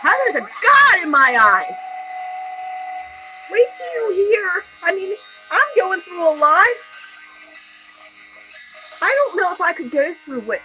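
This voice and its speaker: A woman's voice: very high voice, sharp tone, low-quality recording. A woman telling her personal story in a raw, rambling monologue, blunt and profane. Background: music.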